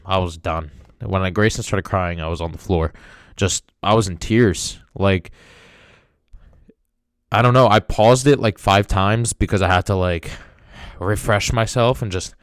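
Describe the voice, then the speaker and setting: Deep-voiced young man rambling emotionally. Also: clear, resonant tone, no echo, clean studio sound. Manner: rambling, emotional, lots of fillers like "dude" and "man". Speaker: podcast host. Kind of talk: casual solo review.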